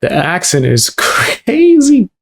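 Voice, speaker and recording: Gravelly, blunt male commentator. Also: high-pitched, huge pitch swings, slow pace. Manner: incredulous, blunt. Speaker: commentary host. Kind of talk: casual reaction commentary.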